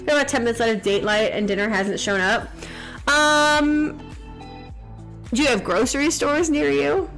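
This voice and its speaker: A woman's voice: fairly high pitch, expressive, faint music behind. A young woman streaming a game, chatting casually and teasing the viewers in chat. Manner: chatty, reads chat aloud, quick jokes and teasing.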